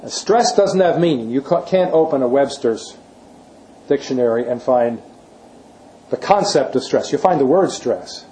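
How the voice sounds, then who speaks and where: Man, lecturer, mellow tone, emphatic on key words, rhetorical questions, faint background noise. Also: medium pitch, lively intonation, moderate pace, poor audio. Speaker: Bible teacher. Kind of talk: classroom lecture.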